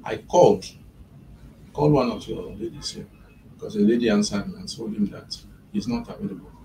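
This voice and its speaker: A man's voice: lowish voice, very animated, brisk, vocal fry, dark tone, a little hiss or hum. A man, retelling events step by step as an employer's representative in a mediation session. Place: office. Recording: echoey room from a distant mic.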